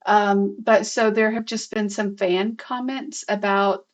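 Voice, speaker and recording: A woman hosting an interview in casual chat, halting, with many fillers and restarts. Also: medium pitch, steady tone. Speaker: host.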